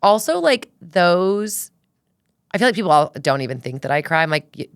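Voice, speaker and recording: A chatty middle-aged woman hosting a podcast, with a notably low voice. She keeps slipping into quick little re-enactments of what she said or thought, padding everything with "like." The sound is close and dry, as in a small studio. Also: big pitch swings, smooth, no room sound. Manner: chatty, acts out her own quoted thoughts, heavy use of "like". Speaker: podcast host. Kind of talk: casual chat.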